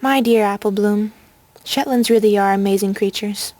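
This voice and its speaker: A woman's voice: medium pitch, steady tone, normal speed, a little mellow, no room sound, lightly acted. A woman reading as a solemn unicorn sage. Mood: grave. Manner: solemn and earnest. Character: grave, wise young female unicorn wizard.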